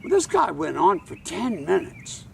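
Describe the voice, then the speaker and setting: An older man tells a wry anecdote slowly and with care. His gravelly voice swings widely in pitch. He was recorded outdoors from a distance, with faint background noise. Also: huge pitch swings, fairly bright tone. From Charleston, South Carolina. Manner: wry, measured. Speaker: tour guide and author. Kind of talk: anecdotal storytelling to camera.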